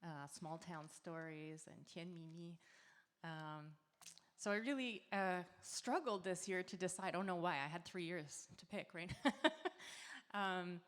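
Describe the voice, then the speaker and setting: A woman performer talking casually to an audience at a community celebration, relaxed and friendly, with many filler words. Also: fairly low pitch, measured pace. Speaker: singer and performer. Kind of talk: chatty stage introduction to an audience. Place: large hall at a community celebration. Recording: live hall sound with long reverb.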